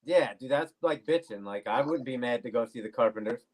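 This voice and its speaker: A man in his forties, a bass player guest on a podcast, telling laid-back stories full of swearing. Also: a little fast. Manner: laid-back, swears freely, animated anecdotes. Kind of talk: casual storytelling interview. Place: podcast studio.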